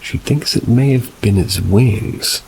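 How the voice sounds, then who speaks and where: A man calmly narrating reader-submitted paranormal stories, adding brief asides of his own. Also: mid-range voice, slow pace, creaky, noisy background. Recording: rain sounds mixed behind the voice. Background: steady rain ambience.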